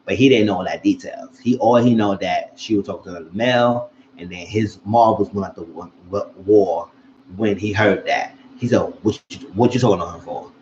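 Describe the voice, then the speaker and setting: A man casually recapping a TV episode, animated and acting out what the characters said. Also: fairly low pitch, normal speed, highs cut off, slight background noise. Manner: animated, acts out characters' lines. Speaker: show recap vlogger.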